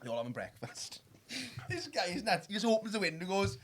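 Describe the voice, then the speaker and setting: Fast-talking bright man. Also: high voice, very animated, slight background noise. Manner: fast, swearing, talks over others. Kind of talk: casual pub chat.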